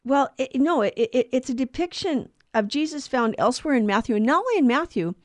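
Woman podcast co-host, higher voice, chatty and self-correcting teaching style, dry close mic. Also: lively intonation, fairly quick, no echo. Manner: explanatory, digressive, self-correcting. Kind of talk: casual catechetical chat.

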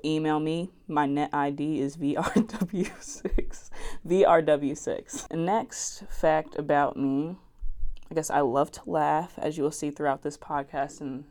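This young adult podcast host from New Jersey delivers a chatty, rambling solo monologue punctuated by frequent giggles, speaking in a voice that sits low and sounds darkish.

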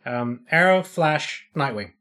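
A man's voice: on the high side, expressive, takes it slowly, sharp tone. A man in casual group chat who talks in a dry, questioning way.

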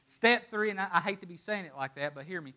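A man delivers a sermon in a bright, slightly high voice, alternating between loud, emphatic statements and hushed, nearly whispered lines. His intonation is lively and his pace fast.

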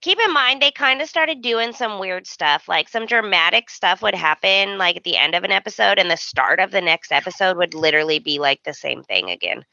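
A woman's voice: on the low side, fairly quick, creaky, hardly any pauses, dry recording, lo-fi sound. A woman co-hosting a podcast, recapping a soap opera in casual chat and acting out lines as she tells it. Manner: animated storyteller, acts out lines. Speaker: podcast co-host.

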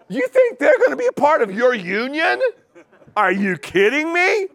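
A man's voice: very high-pitched, wildly swooping pitch, moderate pace, vocal fry, a bit bright, a faint crowd. A man preaching a sermon, repeating key words for emphasis and asking the congregation rhetorical questions. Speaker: pastor.

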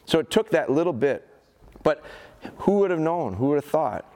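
A man in his forties giving a live dog training seminar, telling stories in an animated, folksy way and speaking to the audience. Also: fairly high pitch, moderate pace. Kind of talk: live seminar talk with demonstration. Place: seminar hall at an outdoor show.

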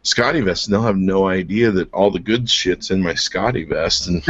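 A man's voice: low-pitched, normal speed, a bit bright. A man hosting a podcast, enthusiastic and joking as he shows off a product, laughing often. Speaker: podcast host. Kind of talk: casual product chat. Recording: dull lo-fi podcast audio.

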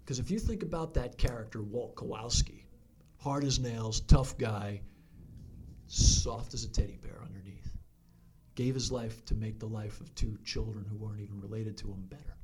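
Reflective fire chief, halting speech. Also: male voice, lowish voice, darkish tone, husky. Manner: reflective, halting, with many restarts. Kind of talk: casual podcast conversation.

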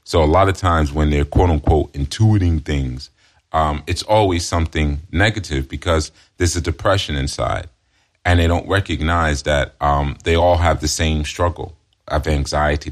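A man's voice: rumbling low, steady tone, moderate pace. A man teaching as a spiritual counselor in an emphatic monologue, often repeating himself and adding "you see".

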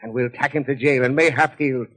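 Man playing a sly husky scheming nobleman. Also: mid-range voice, steady tone, fairly quick, fairly bright tone, rough recording. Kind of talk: old-time radio drama acting.

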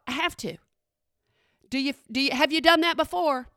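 Chatty woman with a bright voice. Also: sits high, moderate pace, no room sound, studio quality. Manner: chatty and animated, often checks in with the listeners. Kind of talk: casual spoken storytelling.

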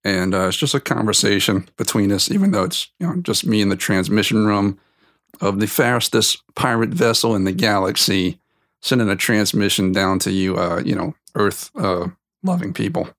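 Low-voiced rambling podcast host. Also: male voice, animated, normal speed, a bit bright, dry recording, studio quality. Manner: rambling and self-correcting, chuckles often. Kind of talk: casual unedited podcast chat.

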